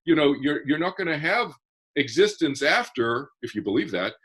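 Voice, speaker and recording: Husky man explaining earnestly. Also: on the high side, very animated, normal speed, fairly bright tone. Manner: earnest, explanatory, with frequent repeated restarts. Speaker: author and interview guest. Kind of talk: casual interview conversation.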